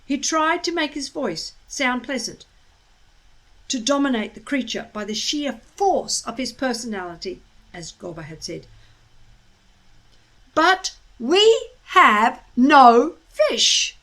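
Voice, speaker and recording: A woman reading a children's story aloud, taking her time and lingering over each phrase. Her voice is high and bright, and it swoops up and down to bring the scenes to life. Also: low-quality recording. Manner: slow, expressive, deliberate.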